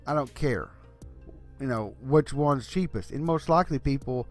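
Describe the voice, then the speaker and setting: A man's voice: mid-range voice, normal speed, soft background music. An older man hosting his own gaming channel, ranting bluntly and profanely about consoles, tired and yawning late at night. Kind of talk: casual opinion rant.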